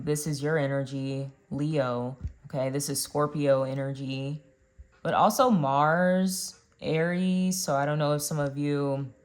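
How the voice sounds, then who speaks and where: A young woman giving a casual tarot card reading, chatting to her viewers with plenty of ums and uhs. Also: low-pitched. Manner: chatty, addresses viewers directly with many fillers. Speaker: tarot reader.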